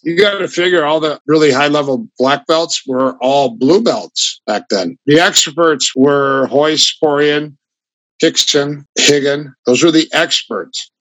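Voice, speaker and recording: An older man with a gravelly voice, a grappling coach telling rambling, animated stories in an interview. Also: a little high, unhurried, no echo, rough recording. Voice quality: gravelly voice from a flattened throat. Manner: rambling, animated anecdotes with restarts. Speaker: guest, grappling fighter and coach. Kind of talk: casual storytelling in an interview.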